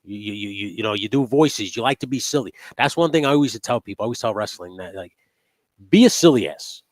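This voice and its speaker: A man's voice: on the low side, lively intonation, fast, no echo. A man in casual chat as a guest, laid-back and profane, laughing often. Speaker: podcast guest.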